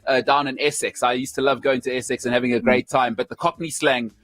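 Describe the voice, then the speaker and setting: A man's voice: mid-range voice, flat delivery, quick pace, a bit bright, dry recording. A man hosting a sports talk show, effusive and grateful, often stumbling over his words. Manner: effusive, stammering restarts. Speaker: host. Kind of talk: casual chat.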